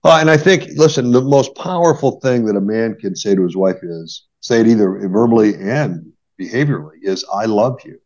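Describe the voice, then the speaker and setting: A middle-aged man speaks as a marriage therapist on a podcast, earnest and explanatory, tagging his points with quick checks to the listener. His voice sits on the lower side. The recording is dull and lo-fi. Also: expressive, darkish tone. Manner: earnest, explains with examples, many "right?" tags. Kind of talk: conversational podcast advice.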